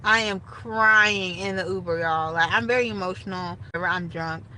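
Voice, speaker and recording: A young woman casually telling a story straight to her viewers, animated and chatty. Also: on the low side, moderate pace, slight background noise, low-quality recording. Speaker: storytime vlogger.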